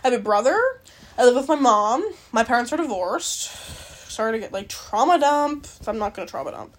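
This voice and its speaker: Rambling young woman, lively pitch. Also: brisk. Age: young adult. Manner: rambling, chatty, swears freely, self-interrupting. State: dry-mouthed and out of breath. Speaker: podcast host. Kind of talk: casual solo chat.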